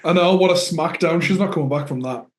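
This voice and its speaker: A man's voice: on the high side, fast talker, crowd noise. A man with a northern English accent, chatting casually on a podcast and laughing as he retells film scenes. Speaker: podcast co-host. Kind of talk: casual chat. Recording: echoey room.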